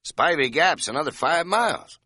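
A man's voice: on the high side, animated, moderate pace, pushed and bright, no echo, studio quality, voice pushed up. A man voicing a surly, suspicious cab driver who talks in a curt, demanding way.

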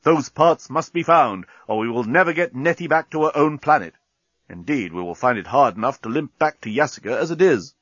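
A man's voice: medium pitch, expressive, fairly quick, fairly bright tone, slightly rough, dry recording, highs cut off, pitched above the performer's own voice. A man voicing a blustering, angry male starship captain who barks pompous commands in a storybook reading. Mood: commanding.

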